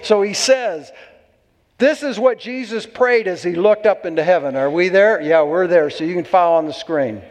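A man's voice: high-pitched, normal speed. A man preaching a sermon to a congregation, exuberant and whooping between points. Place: church hall. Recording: long hall reverb.

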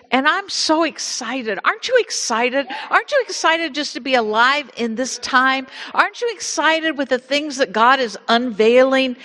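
A woman's voice: high-pitched, a bit bright, big-room sound. A woman with an Indiana accent praying and preaching in a church sanctuary, exuberant and laughing easily, repeating her words. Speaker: minister leading a church service. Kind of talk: prayer and sermon.

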